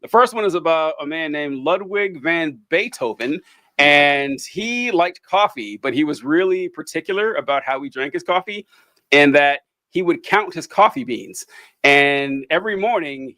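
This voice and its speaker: A man hosting a casual chat, telling animated stories and laughing often. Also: on the high side, dry recording. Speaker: host.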